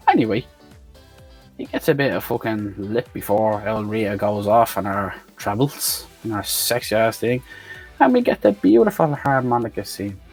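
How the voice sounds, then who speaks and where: A man's voice: on the low side, darkish tone, slightly rough. A man giving a blunt, swear-heavy review of an action film, talking casually and with exasperation. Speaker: movie reviewer.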